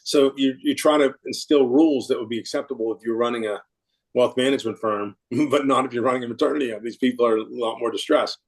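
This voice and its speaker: In a casual interview, a middle-aged American man recounts a story as a podcast guest, quick-paced and mid-range in pitch. The telling is warm and anecdotal, peppered with frequent chuckles and many restarts.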